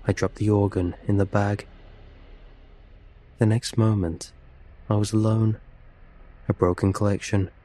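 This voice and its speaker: A man narrating a horror story for a podcast in a slow, hushed and tense way. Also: on the low side.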